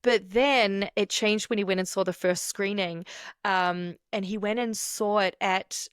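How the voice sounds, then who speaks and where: A woman hosts a podcast in easy, casual chat, spinning anecdotes and slipping into lively quoted voices. Her voice sits at an ordinary middle pitch. The sound is close and dry, with no room around it. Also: a little slow, smooth, no echo. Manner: animated storytelling, quoting people in lively bursts. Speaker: podcast host.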